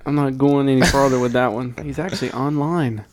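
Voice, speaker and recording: A man's voice: medium pitch, steady tone, brisk, no echo. A young man hosting a radio show, joking around and laughing a lot in casual banter. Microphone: studio microphone with headphones.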